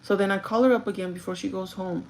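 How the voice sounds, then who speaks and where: A young woman vlogger casually telling a story from her job, animated, acting out the quotes and swearing freely. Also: medium pitch, fast, gravelly, a little hiss or hum.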